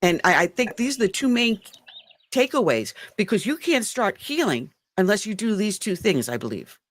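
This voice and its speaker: A woman's voice: medium pitch, very animated, normal speed. A woman from the United States hosting a talk show, summarizing points in a reflective way. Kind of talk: conversational interview.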